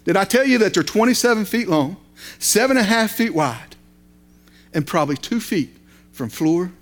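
A man's voice: high voice, fairly bright tone. A man, a lay preacher, delivering a sermon with folksy asides and repeated, building phrases.

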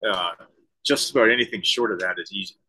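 A man, a former special-forces soldier and leadership consultant, answering interview questions thoughtfully with halting restarts. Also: lowish voice, pushed and bright, rough recording. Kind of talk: conversational interview.

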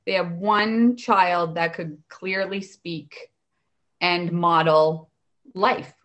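A woman in her thirties, an educational assistant, telling lively stories about her work and acting out the voices of the people in them. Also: on the low side, extremely slow. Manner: animated, acts out voices in anecdotes. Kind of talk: casual storytelling.

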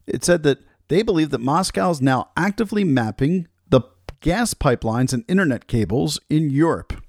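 A man's voice: on the high side, animated, moderate pace, a little mellow, no room sound. A male podcast host giving casual commentary with frequent fillers.

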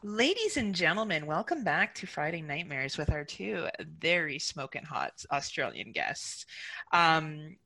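A woman co-hosts a podcast, her speech bouncing widely in pitch. Her tone is bright and ringing. She chats casually, swears, and laughs often. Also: sing-song, a little slow. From Canada. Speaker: co-host.

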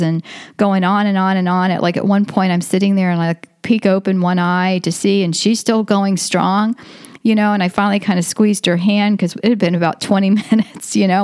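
A middle-aged woman hosts a faith podcast in a casual, chatty monologue, full of fillers and asides. Her voice sits in an ordinary middle pitch. It is recorded close and dry, with no room sound. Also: darkish tone, clean tone, no room sound. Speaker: podcast host.

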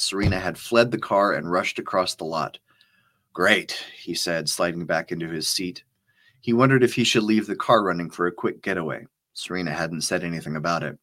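A man, the author, reading his spy thriller aloud in a steady, measured narration. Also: low-pitched. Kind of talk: scripted audiobook narration.

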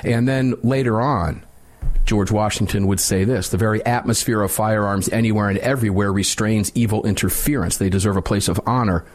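Husky, low-voiced male radio host. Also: fairly quick. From Michigan, USA. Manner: chatty storyteller, animated retellings. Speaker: radio talk show host. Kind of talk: casual radio chat.

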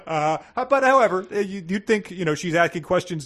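A man with a slightly husky, fairly high voice co-hosting a comedy podcast. He reads passages from a bad novel in exaggerated voices and breaks off to mock them with dry sarcasm. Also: a little fast, few pauses, fairly bright tone. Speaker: podcast co-host. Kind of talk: comedic book-reading chat.

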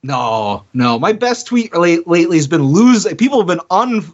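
A man's voice: high voice, very animated, normal speed. Rambling, laughing man on a lo-fi podcast. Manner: rambling storyteller, laughs between points. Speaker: podcast co-host. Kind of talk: casual chat.

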